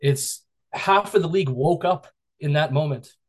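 A man's voice: a little high, normal speed, crowd noise, rough recording. Blunt, profane man on a podcast. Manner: blunt, profane, lecturing about respect. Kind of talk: casual fantasy sports chat.

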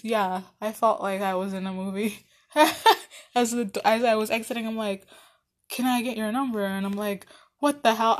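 Chatty young woman telling a story. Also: fairly high pitch. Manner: chatty, many fillers and restarts; animated, laughs often. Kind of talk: casual storytelling.

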